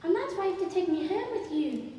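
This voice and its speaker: A woman voicing an eerie, pleading barefoot child with a high, eager, clinging voice. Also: big pitch swings, brisk, heavy background noise. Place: school concert hall. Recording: echoey hall from far off, faint ambience.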